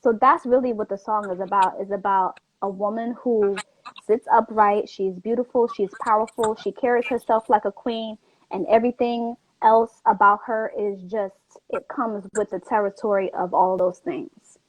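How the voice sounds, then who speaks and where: A woman hosting a casual talk show, chatting in a lively, quick way and laughing easily. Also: medium pitch, poor audio. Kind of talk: casual chat.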